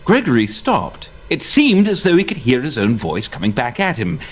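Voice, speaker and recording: A man narrating an improvised comedy story, his mid-range voice swinging widely up and down. He plays it straight with a lively, animated delivery. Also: medium pitch, slightly rough. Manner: animated, quick to laugh at himself. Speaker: improv performer.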